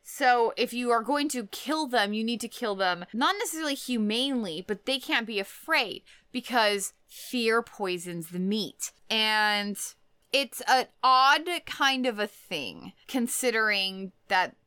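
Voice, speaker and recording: A woman co-hosting a casual podcast, giggling as she retells film scenes and quickly acts out the characters' lines. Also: fairly high pitch, animated, pushed and bright, smooth, no echo. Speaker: podcast co-host. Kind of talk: casual chat recapping a film.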